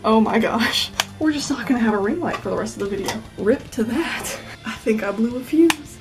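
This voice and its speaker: An eighteen-year-old woman vlogging casually at home at night, with a deadpan, self-mocking delivery that now and then drops to a whisper. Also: a little high, moderate pace, far from the mic, over music, rough recording. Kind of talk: casual Q&A vlog.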